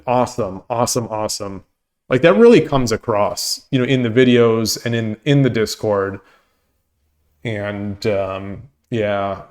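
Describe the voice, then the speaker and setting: A man hosting his own stream and chatting casually with viewers, rambling and laughing as he talks. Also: mid-range voice. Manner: rambling, full of restarts and laughter. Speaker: streamer and host.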